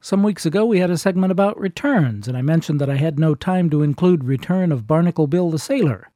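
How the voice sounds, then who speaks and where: A man's voice: fairly high pitch, a little fast, mellow, dry recording. A man hosting a radio show, giving cheerful, plain scripted introductions to old records. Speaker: radio host.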